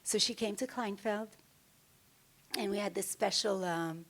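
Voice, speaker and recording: A woman tells stories onstage in a slightly gravelly voice. She is animated and casual. She pauses with fillers and restarts her sentences. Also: mid-range voice. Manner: animated, acts out other people's lines in the stories. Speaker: fashion designer giving an onstage interview. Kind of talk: anecdotal storytelling.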